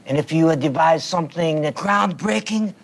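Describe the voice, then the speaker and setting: A self-important college professor lectures his class in a halting, pompous manner, put on by a man. The voice sits high and gravelly. He pauses mid-sentence before landing his promise. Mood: lecturing. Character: pompous older male professor assigning homework.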